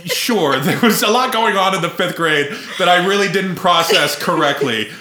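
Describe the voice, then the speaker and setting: A man's voice: high-pitched, moderate pace, background noise. A man hosting a podcast, telling profane, self-mocking stories about his childhood and laughing often. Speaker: podcast host. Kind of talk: casual podcast chat. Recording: roomy echo.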